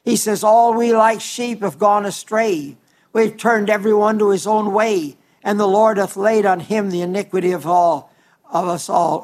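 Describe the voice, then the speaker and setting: High-voiced older male preacher, folksy. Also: a little mellow. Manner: stumbling, repeats words, homespun storytelling. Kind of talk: folksy sermon with anecdotes.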